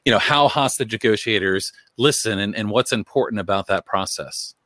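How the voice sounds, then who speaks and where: A man's voice: fairly low pitch, normal speed, pushed and bright, no room sound, studio quality. A man interviewing an author, asking a long question with hesitant fillers.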